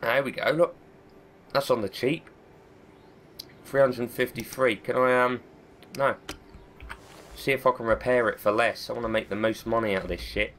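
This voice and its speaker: A man's voice: mid-range voice, steady tone, normal speed, long pauses, a bit bright, a little hiss or hum. Man with a cold, swearing. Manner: chatty, swears often, self-mocking. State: has a cold. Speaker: gaming video host. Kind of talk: let's-play commentary.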